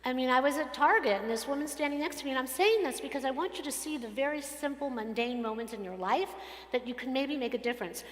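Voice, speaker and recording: A woman delivers a sermon, weaving everyday anecdotes into her message and acting out the people she quotes. Her voice sits a little high. The recording carries the long, roomy echo of a large sanctuary. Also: quick pace. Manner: animated storytelling, acts out quotes. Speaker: rabbi. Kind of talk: sermon with personal stories. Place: synagogue sanctuary. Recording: echoey hall from a distance.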